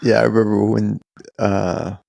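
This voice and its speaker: A man's voice: on the low side, steady tone, measured pace, creaky, a little mellow, dry recording. A man co-hosting a podcast in casual, rambling chat, restarting his sentences often. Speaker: podcast co-host.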